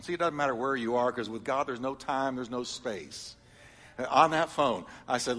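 Bright-voiced preacher man in a big hall. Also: mid-range voice, moderate pace. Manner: storytelling preacher, swings from loud emphatic lines to soft confiding ones. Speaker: pastor. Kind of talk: sermon.

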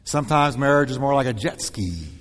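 Brisk and mid-range in voice, a male pastor gives an animated, punchy sermon built on short, repeated phrases. A long reverb tail trails after his words.

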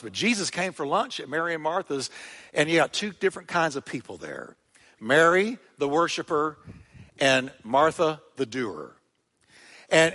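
A male pastor preaching to his church, his voice sitting a little high for a man. He tells the story in an animated way and builds to loud, emphatic peaks. The sound rings with the long reverb of a large hall. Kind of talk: sermon.

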